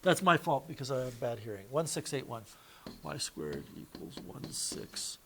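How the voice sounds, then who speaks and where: A man's voice: mid-range voice, big pitch swings, normal speed, a little hiss or hum. A male math teacher lecturing a classroom, explaining each step and correcting himself aloud as he goes.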